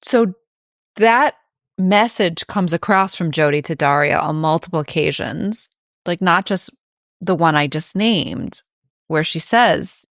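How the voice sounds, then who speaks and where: A woman podcast co-host, chatting in an animated way as she retells scenes and laughs along. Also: lowish voice, normal speed, no echo, clean studio sound. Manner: animated storyteller, laughs often. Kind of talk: casual discussion.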